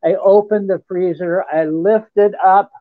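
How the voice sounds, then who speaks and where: A man with a high voice recounts a personal story in an earnest, halting way, pausing to restart his sentences. He is heard over a tinny, dry phone line. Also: steady tone, no echo. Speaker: interview guest. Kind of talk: first-person account in a radio interview.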